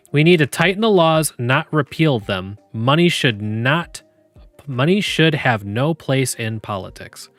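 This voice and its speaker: A man as a joking podcast host reading prompts to chat, mid-pitched, dry close sound, faint music behind. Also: animated, measured pace, a bit bright, no echo. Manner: joking, laughs often, swears casually. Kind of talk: casual chat, reading game prompts aloud to chat.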